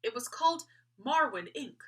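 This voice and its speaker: A woman voicing an earnest, slightly unsure doll father in a storybook read-aloud, slow and measured. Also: high voice, animated, a bit bright, husky, pitched above the performer's own voice, exaggerated voice.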